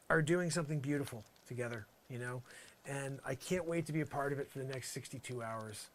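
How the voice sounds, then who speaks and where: A man's voice: mid-range voice, a little fast. A man hosting a live show, delivering an improvised comedy monologue in a rambling, mock-aggrieved way, full of "you know".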